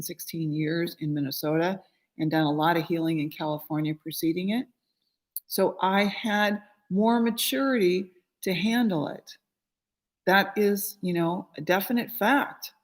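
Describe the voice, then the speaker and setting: A middle-aged woman, a spiritual healer, telling an emotional personal story in a conversational way with frequent fillers, acting out quoted voices with rising pitch and loudness.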